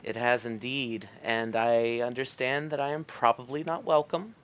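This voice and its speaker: A man's voice: mid-range voice, steady tone, moderate pace, fairly bright tone, smooth, highs cut off. A man playing a character in a tabletop game, shifting into formal, courtly in-character speech. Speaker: player.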